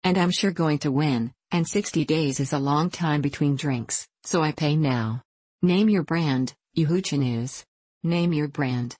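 A woman voicing a brash male frontier gold prospector who boasts in a rough backwoods dialect. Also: low voice, a little slow, darkish tone, dry recording. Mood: bold.

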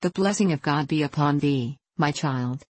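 A woman reading the part of a gentle middle-aged clergyman father who speaks slowly and hesitantly. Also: low voice, no echo. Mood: solemn. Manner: slow, measured, hesitant.

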